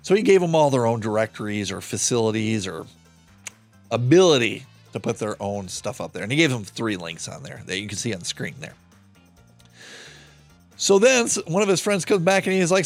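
Animated sarcastic male podcast host. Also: mid-range voice. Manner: animated and sarcastic, swears freely; reads out chat logs, acting the lines. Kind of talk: true-crime podcast commentary.

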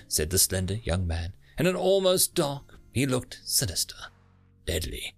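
A man narrating a thriller audiobook in a dramatic, low-voiced storytelling manner. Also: very animated, measured pace, gravelly, faint music behind.

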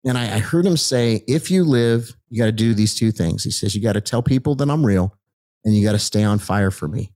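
A man's voice: on the low side, a little fast. Middle-aged guy telling a wild story, gets all worked up, does the voices of the people in it. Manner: excited, acts out the people in his story. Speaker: guest telling his testimony. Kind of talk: animated storytelling.

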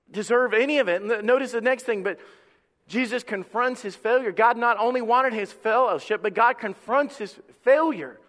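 A pastor with a high, bright voice preaches a sermon passionately, sinking to a hush and then climbing to a shout. He tends to repeat his opening words as each point builds, and a long reverb carries his voice through the church sanctuary.

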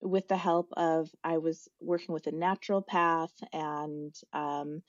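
Woman in her 40s, lowish voice, reflective and searching, many pauses, dull dry remote audio. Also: steady tone, no echo. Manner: thoughtful, searching, with frequent pauses and fillers. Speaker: guest. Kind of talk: reflective personal storytelling.

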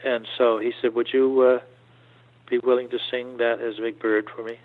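An older man telling stories as an interview guest, halting often and repeating words as he goes. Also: mid-range voice, level tone. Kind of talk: storytelling interview. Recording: tinny phone-like line.

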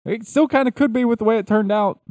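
Swearing, laughing podcast host. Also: male voice, very high-pitched, fast talker, darkish tone, dry recording, studio quality. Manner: profane, laughing, loose storytelling. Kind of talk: casual banter.

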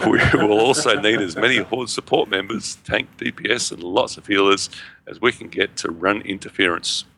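A man's voice: on the low side, normal speed, gravelly, sharp tone, slight background noise. A man co-hosting a gaming podcast, reading a listener email aloud in an easygoing way with joking asides. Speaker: podcast co-host.

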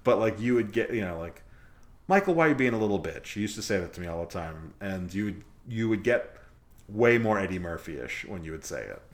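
A man's voice: sits low, animated, a little fast. A man hosting a podcast, chatting casually with his friend and rambling through lots of fillers and restarts. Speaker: podcast host. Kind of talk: casual chat.

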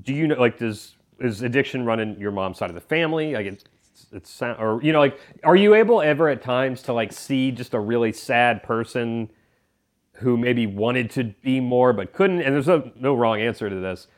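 Man asking gentle, halting questions. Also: medium pitch, expressive. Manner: gentle, hesitant questions with many fillers. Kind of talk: casual podcast interview.

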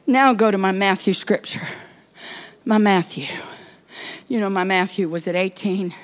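A woman preaching a sermon, dropping into hushed whispers and then rising to urgent calls to the congregation. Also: mid-range voice, measured pace.

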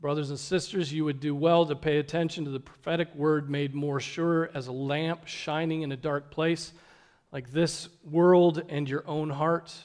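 Man, high voice, preaching, earnest, rhetorical questions, sudden quiet moments. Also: fairly even intonation, moderate pace. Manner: drops to a hush for emphasis. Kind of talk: sermon.

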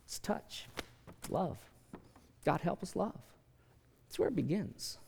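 Animated preaching man in a reverberant hall. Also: sits high, takes it slowly, gravelly, slight background noise. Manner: animated preaching, swings from soft to loud. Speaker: pastor. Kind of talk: sermon. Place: large church sanctuary.

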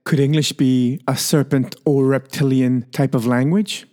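A man's voice: medium pitch, fairly even intonation, a little slow, warm tone. A man hosting a solo podcast, musing playfully on word origins and laughing at his own coinages. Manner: playful, musing, coins words and laughs at himself. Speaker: podcast host.

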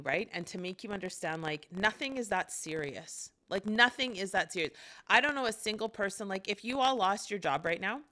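A woman's voice: medium pitch, sharp tone. A middle-aged woman hosting a podcast, giving a candid, casual motivational talk and swearing freely as she trails off and restarts. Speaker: podcast host.

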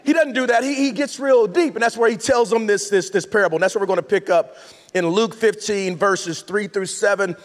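A man's voice: high voice, a little fast. A man preaching a casual, joking sermon, talking loosely with slangy asides and restarts, in a large church auditorium. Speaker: pastor. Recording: long hall reverb from the sanctuary.

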